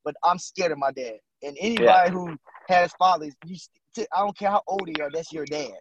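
A man, spinning an animated story as a podcast guest. His voice sits a touch high for a man, and he keeps acting out other people's lines with a laugh. Faint background noise sits under the recording. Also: a little fast, highs cut off. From Houston, Texas. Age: late 30s. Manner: animated storyteller, acts out quotes, laughs often. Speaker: guest, former basketball player. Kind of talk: casual storytelling interview.

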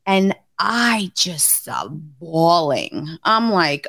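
A woman in her thirties, a podcast co-host, speaks a little slowly in a studio-quality recording with no room sound. Chatting casually about a birth, she tells the story with animation and voices quotes in a suddenly high pitch.

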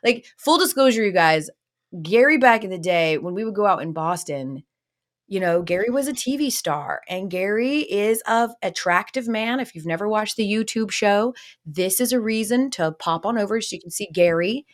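A woman's voice: medium pitch, lively intonation, moderate pace. Playful woman hosting a sports talk show. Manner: playful teasing, acts out quoted voices. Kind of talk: casual sports chat.

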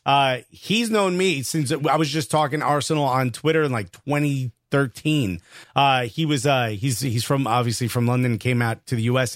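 A man with a New York accent, a comedian co-hosting a podcast and telling an excited, slangy story in casual chat. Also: mid-range voice, no room sound, clean studio sound.

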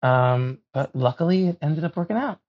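A man's voice: fairly high pitch, animated, moderate pace. A young man, a stage actor, chatting as an interview guest in a self-deprecating way with frequent laughs and restarts. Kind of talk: casual interview chat. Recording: dull lo-fi sound.

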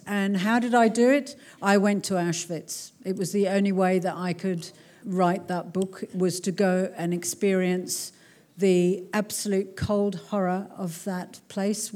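A middle-aged woman author giving a live talk to an audience, telling a story in an animated way and laughing often. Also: medium pitch. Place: cultural centre hall before a crowd.

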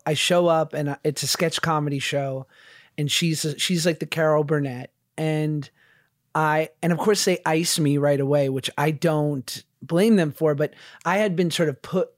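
A man in his thirties, a guest actor in a casual interview, telling stories with quick self-deprecating humor and frequent laughs. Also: fairly high pitch, fairly even intonation, dry recording, studio quality.

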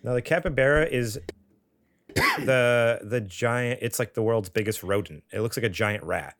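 A man, hosting a casual chat and reading chat comments aloud in a relaxed way. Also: medium pitch, moderate pace, no echo, clean studio sound, soft background music. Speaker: podcast host reading live chat.

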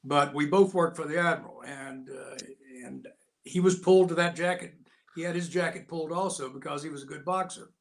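An older man, a guest, telling lively personal stories in casual talk and acting out the voices of people in them. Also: fairly high pitch, a little fast, vocal fry. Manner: lively anecdotal, acts out quotes. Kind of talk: casual storytelling.

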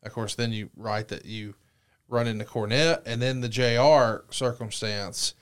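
Mid-pitched man hosting an interview podcast. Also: steady tone, a little slow, clean tone. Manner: prompting, reads quoted passages then asks follow-ups. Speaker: podcast host. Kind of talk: casual interview, reading book excerpts aloud.

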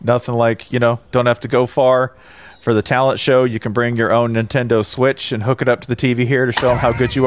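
This is a rambling, deadpan college football coach, as a man puts him on for laughs. He hesitates often and drifts between thoughts, and his voice sits at an ordinary middle pitch. The delivery stays unhurried and matter-of-fact. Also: smooth, lightly acted. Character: laid-back college football coach, male, adult. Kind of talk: comedic role-play in casual chat.

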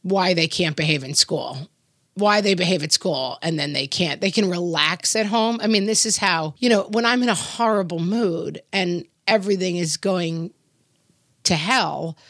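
Lively mother chatting, dry close sound. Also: fairly low pitch, normal speed, no echo. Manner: animated storyteller, acts out quoted voices. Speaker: podcast co-host. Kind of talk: casual chat.

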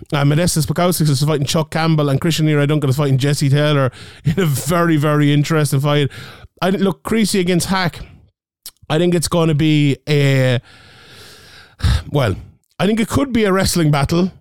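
A man's voice: on the high side, a little mellow, clean tone, no room sound, clean studio sound. A man co-hosting a podcast, chatting casually through a fight card in a rambling way full of fillers. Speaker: podcast co-host. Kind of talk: casual MMA fight preview chat.

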